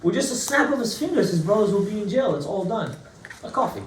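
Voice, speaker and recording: A rabbi teaches an informal Torah class in an echoey room, talking fast and recorded from a distance with slight background noise. His storytelling is animated, with big swings in pitch and loudness, addressing the class and making asides to listeners.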